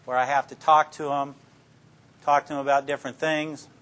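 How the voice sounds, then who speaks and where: An older man talks to law students in a lecture room, drawing on his years as a police detective. His voice is at an ordinary middle pitch and his manner is plainspoken and folksy. He slips into his own interrogation-room lines as he goes. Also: flat delivery, normal speed, a bit bright. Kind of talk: anecdotal talk to an audience.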